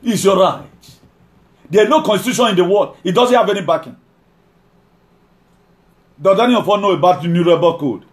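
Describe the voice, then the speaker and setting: A man preaching a sermon, emphatic, repeating key lines and slowing down to read scripture. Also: sits high.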